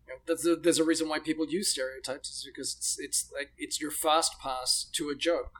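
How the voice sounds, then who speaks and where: A man's voice: on the high side, fairly even intonation, a little fast, a bit bright. A young man, thinking aloud in casual chat and often restarting his phrases.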